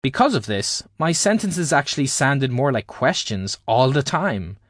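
Male author-narrator, audiobook read, explanatory and measured, very animated pitch, dry close sound. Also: dry recording. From Ireland. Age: adult, at least 20s. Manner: explanatory, carefully paced teaching delivery. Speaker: author reading his own book.

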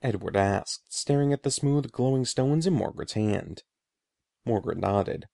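A man reading a children's adventure story aloud in a measured storybook way, voicing the dialogue. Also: mid-range voice, gravelly, mellow, no room sound, clean studio sound. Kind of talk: scripted narration.

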